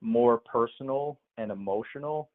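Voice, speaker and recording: Male caller on a tinny phone line. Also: medium pitch. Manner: measured, insists on finishing his point. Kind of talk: heated live call-in argument.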